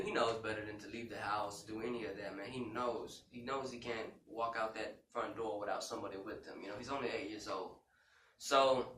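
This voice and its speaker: A man's voice: medium pitch, pushed and bright. A man co-hosting a casual talk show, retelling a frightening story in an emotional way, with lots of "you know" and "man" fillers. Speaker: podcast co-host. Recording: roomy echo, far from mic, faint background noise.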